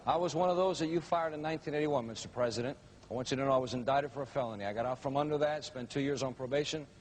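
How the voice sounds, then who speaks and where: A man's voice: medium pitch, racing. A man giving an emphatic, dramatic motivational speech, telling a story to a live audience. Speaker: motivational speaker.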